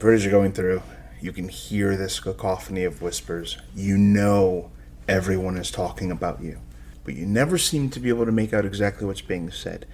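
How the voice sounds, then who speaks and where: A man's voice: low-pitched, normal speed, a little mellow, a little hiss or hum. A man narrating as game master of a tabletop role-playing game, describing scenes with frequent searching for words.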